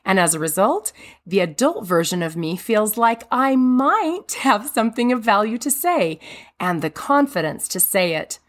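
A woman who is a mother, giving an earnest, emphatic devotional talk with a warm manner. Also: mid-range voice, very animated, normal speed. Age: adult mother. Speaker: speaker.

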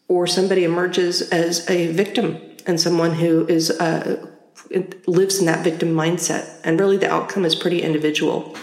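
Woman, middle-aged, lowish voice, conversational storytelling, roomy echo. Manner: conversational, reflective and animated when retelling. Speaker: podcast host. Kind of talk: personal storytelling podcast.

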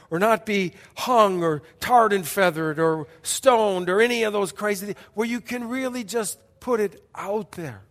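Middle-aged pastor preaching in a hall. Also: male voice, sits high. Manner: emphatic, repetitive, dramatic pauses and hushed passages. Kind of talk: sermon storytelling. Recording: long hall reverb.

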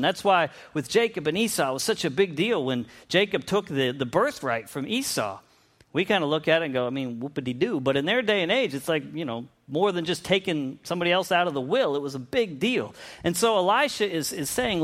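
A man's voice: a little high, expressive, fairly quick, fairly bright tone. Conversational man preaching a sermon. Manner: conversational, with frequent restarts and acted-out quotes.

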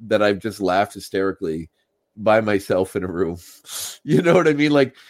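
A man co-hosting a casual podcast, his voice sitting a little low. He talks in an animated way, laughs often, and restarts his sentences as he goes. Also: normal speed, dry recording. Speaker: podcast co-host. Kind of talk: casual chat.

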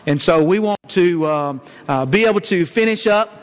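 A man's voice: high-pitched, animated, normal speed. A man, teaching a Sunday morning church lesson in a folksy way with many "uh" fillers.

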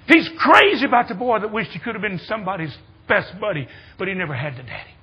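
An older man preaching a sermon in a church, telling folksy stories and building to excited shouts. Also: high-pitched, fast talker, lo-fi sound, slight background noise. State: hard of hearing. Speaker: guest preacher. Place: church sanctuary.

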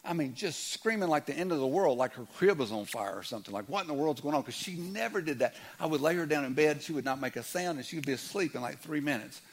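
Preaching fast with hardly a pause, a pastor in his fifties speaks in a fairly high, lively voice. He's earnest, sinking to a hush before rising loud again, and often repeats his words.

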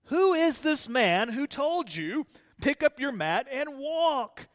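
A preacher doing stern, scolding religious officials. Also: male voice, very high voice, big pitch swings, slow, a bit bright, voice pushed up, full character voice. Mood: indignant. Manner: scolding, outraged. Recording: long hall reverb.

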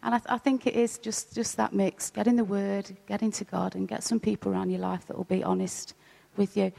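Reflective woman panelist with a gravelly, flat delivery, recorded in a reverberant church hall. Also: mid-range voice. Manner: reflective, halting with restarts. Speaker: panel guest. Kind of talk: live church panel talk.

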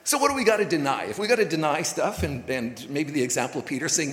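Guy preaching, chatty folksy sermon, bit high voice, big echoey hall. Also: expressive, quick pace, a bit bright. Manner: folksy, conversational preaching with many fillers. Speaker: pastor.

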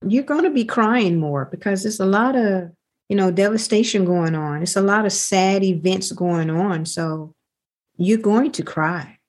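A woman's voice: mid-range voice, measured pace, darkish tone. A woman co-hosting a podcast in casual chat, affirming with frequent "that's right" and "mm-hmm". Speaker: podcast co-host.

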